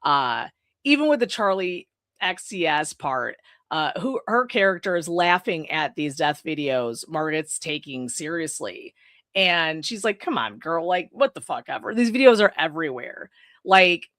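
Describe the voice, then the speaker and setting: A young woman hosting a horror podcast, retelling a film plot in a profane, gossipy, casual way with quick asides. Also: fairly low pitch, fairly bright tone, no echo, clean studio sound. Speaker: podcast host. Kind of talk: casual film review chat.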